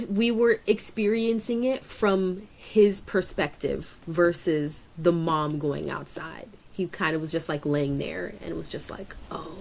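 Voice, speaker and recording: Animated, rambling woman podcast host. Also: creaky. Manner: animated, rambling, many fillers, jumps up in pitch for emphasis. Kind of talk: casual podcast chat.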